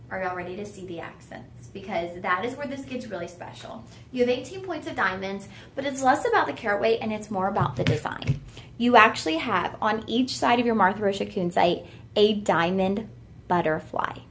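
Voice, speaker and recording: A woman's voice: mid-range voice, fairly bright tone, echoey room, a little hiss or hum. A young woman hosting a live jewelry sales stream, chatty and gushing. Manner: gushing, chatty, says y'all a lot. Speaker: shopping channel jewelry host.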